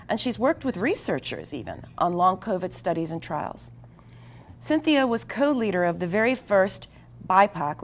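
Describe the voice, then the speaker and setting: A woman host with a slightly low voice reads out a long guest introduction. She sounds earnest and puts weight on key words. Now and then she trips over a word and corrects herself. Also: slight background noise. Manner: earnest, emphatic, with small stumbles. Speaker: talk show host.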